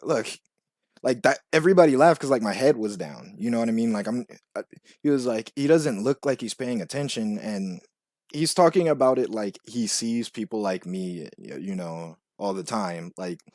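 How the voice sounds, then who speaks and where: A young man telling a rambling personal story, full of "like" and "you know", now and then acting out quoted voices much higher. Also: expressive, normal speed, a little mellow, dry recording, studio quality. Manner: rambling, filler-heavy with frequent "like" and "you know". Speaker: vlogger. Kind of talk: casual storytelling monologue.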